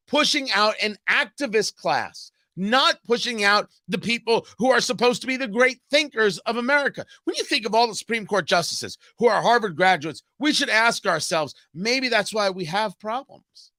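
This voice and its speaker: A man's voice: sits high, animated, normal speed, hardly any pauses, pushed and bright, no room sound, clean studio sound. A man hosting a political commentary show, talking in a sarcastic, emphatic way. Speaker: host.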